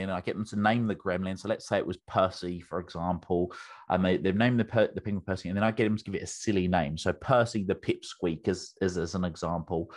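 A man's voice: sits low, fairly even intonation, a little fast. A British man, a business coach, explaining a method with enthusiasm as an interview guest, often restarting his sentences.

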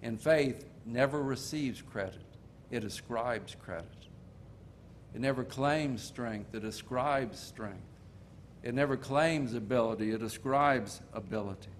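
An older preacher gives his sermon as a series of folksy, homespun stories, speaking at an ordinary middle pitch and deliberately slowing down to drive each point home. A faint low rumble sits beneath the recording.

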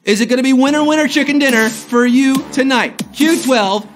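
A man's voice: very high voice, moderate pace, few pauses, over music. A man hosting a live trivia game show, with jokey, hyped-up patter.

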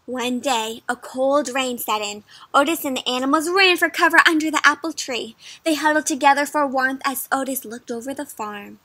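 Woman, kids' read-aloud host, gentle and questioning, high voice, dry close mic. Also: normal speed, few pauses, dry recording. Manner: gentle, asks the listener questions. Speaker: children's storybook reader. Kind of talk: interactive read-aloud for kids.

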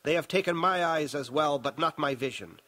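A man voicing a blinded young emperor who gives firm, calm commands, in a storybook reading. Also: a little high, moderate pace. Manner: firm, commanding orders in a raised voice.

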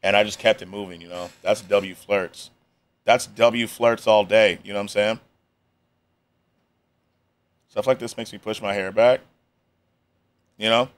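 A man's voice: lowish voice, fairly even intonation, a little slow, long pauses. A man casually reacting to a video on a live stream, talking in a laid-back, slangy way with joking asides.

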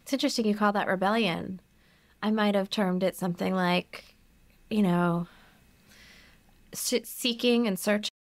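A woman's voice: medium pitch, steady tone, normal speed, pauses often, no room sound. A woman hosting a podcast interview, asking thoughtful, reflective questions. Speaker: podcast host.

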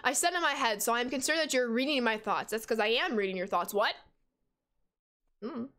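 High-voiced chatty young woman streamer. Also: a little fast. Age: 20s. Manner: chatty, reads out and answers chat while playing; excitable, sudden high squeals of surprise. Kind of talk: casual game stream chat.

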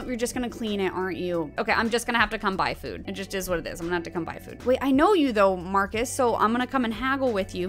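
A woman streamer giving bubbly, chatty commentary while playing a life-sim game, often gasping with excitement and talking to her viewers. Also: mid-range voice. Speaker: gaming streamer. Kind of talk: casual gameplay commentary.

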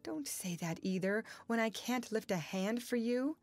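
A troubled young farmer, read by a woman narrator, brooding and full of longing. He speaks in an earnest, pleading way, voiced as audiobook dialogue a little above the reader's usual pitch. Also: expressive, a little slow, a little mellow, soft background music.

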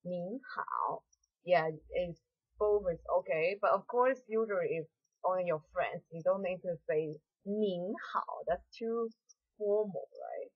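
A woman teaches a language lesson. She explains patiently in halting English and slows down to model each phrase. The recording sounds dull and lo-fi. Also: lowish voice. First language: Mandarin. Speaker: Mandarin teacher. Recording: dull lo-fi audio.

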